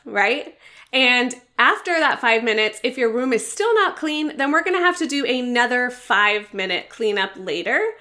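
A woman in her thirties gives parenting tips in a casual live talk, in a crisp, bright voice that sits a little high. She sounds earnest and encouraging, and she slips into lively voices when she quotes a parent. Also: unhurried. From United States. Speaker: parenting podcast host. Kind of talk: casual advice talk from a social media live.

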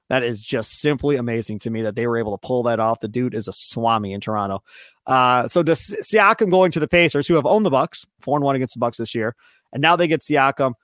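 A man co-hosting a sports radio show, ranting excitedly and slipping into mock voices of players. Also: mid-range voice, dry recording, studio quality. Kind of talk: animated sports radio rant.

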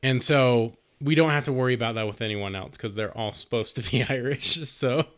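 Man, podcast co-host, casual movie review, rambling, swears a lot, laughs often, smooth clear voice. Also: medium pitch, fairly quick, fairly bright tone. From United States.

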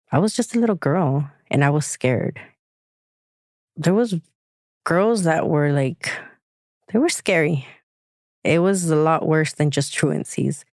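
A woman's voice: low-pitched, a little mellow, dry recording. A woman, reflecting on her past in an emotional personal story, close to tears at times. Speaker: guest, younger sister.

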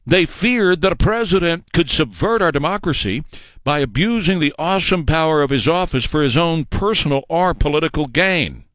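A man's voice: a little high, animated, normal speed, fairly bright tone, no echo. A man giving an opinionated political monologue, emphatic and sarcastic, repeating phrases for effect. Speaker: political commentator.

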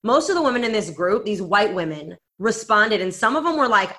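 A woman podcast co-host telling a story in casual chat, animated and full of "like" fillers, acting out the voices she quotes. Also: mid-range voice, fairly quick, few pauses.

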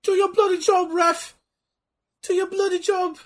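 A man voicing a stereotypical British wrestling heel who yells at the referee in a shrill, indignant voice. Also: flat delivery, measured pace.

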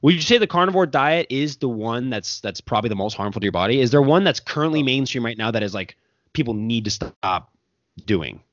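A man's voice: mid-range voice, expressive, brisk, no echo. A man hosting a podcast interview, rambling through his questions with lots of fillers and frequent laughter. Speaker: podcast host. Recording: dry, dull lo-fi sound.

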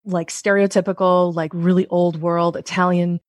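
A woman in her thirties, a podcast guest, talking in a chatty, animated way with lots of "like.". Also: lowish voice, normal speed, no echo. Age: 30s. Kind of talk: casual interview chat. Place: Maui, Hawaii.

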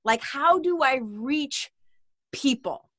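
A woman's voice: high voice, expressive, takes it slowly, a bit bright, no room sound. A woman with a Boston accent, a podcast guest chatting casually and animatedly, swearing freely and laughing often. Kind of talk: casual interview chat.

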